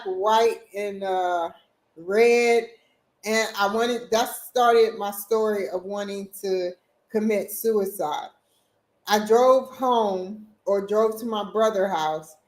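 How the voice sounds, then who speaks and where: Slow, halting woman telling a personal story. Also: medium pitch. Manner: halting, repetitive, emotional retelling with restarts. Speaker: vlog host. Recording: roomy echo.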